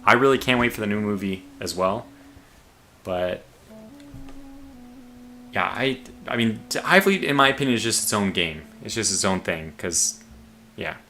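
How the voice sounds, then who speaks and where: Man, low pitch, bright tense tone, casual game livestream, rambling. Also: expressive, normal speed, pauses often, soft background music. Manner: rambling, thinks aloud with many fillers; calls himself a quiet guy. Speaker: game streamer.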